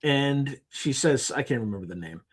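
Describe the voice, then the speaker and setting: A man's voice: mid-range voice, normal speed, husky. A man talking as a podcast guest, telling anecdotes with animation and acting out other people's lines. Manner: animated storyteller who acts out quotes. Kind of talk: conversational interview.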